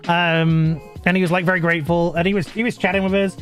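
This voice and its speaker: A British man with an unusually high voice tells a story to his live stream in loose, rambling chat. He trips over restarts and fillers and breaks into laughs mid-sentence. Soft music plays quietly behind him. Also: little pitch movement, fast. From Britain.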